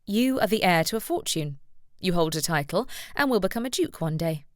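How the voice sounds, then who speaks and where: A woman voicing a witty, sharp-tongued young lady who speaks with a lifted, tart tone and often half-whispers, in an audiobook. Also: lowish voice, animated, fairly quick, dry recording, clean studio sound, natural voice. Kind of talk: audiobook narration.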